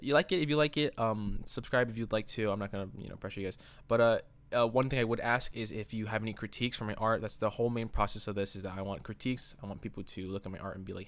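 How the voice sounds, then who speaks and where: A man with a slightly low voice talks casually about his drawing. He rambles in a relaxed, self-deprecating way and sounds a little out of breath. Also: racing. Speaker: artist vlogger. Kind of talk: casual commentary over drawing.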